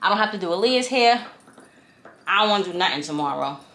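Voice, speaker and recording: Quick and expressive, a woman with a mid-range, fairly bright voice vlogs while putting furniture together at home. She's talkative and exasperated, says "y'all" to her viewers, and the room is echoey with some faint noise.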